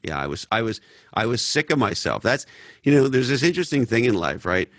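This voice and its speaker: A man's voice: medium pitch, very animated, brisk, a bit bright, dry recording, clean studio sound. A man from Canada hosting a podcast Q&A, blunt and profane, telling stories in a casual way. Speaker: podcast host. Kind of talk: casual Q&A talk.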